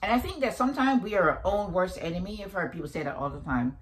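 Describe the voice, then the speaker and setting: A woman in her fifties with a deep voice, giving a preachy, animated motivational talk grounded in faith and repeating affirmations. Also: fast, poor audio. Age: 50s. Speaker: motivational vlogger.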